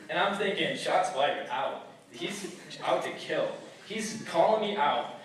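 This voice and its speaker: A man's voice: a little high, expressive, a little slow. Young man doing stand-up in an echoey room. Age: young adult. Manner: storytelling, acts out voices with loud outbursts. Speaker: stand-up comedian. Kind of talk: stand-up comedy set. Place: comedy night venue, audience laughing. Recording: echoey room, distant mic, noisy.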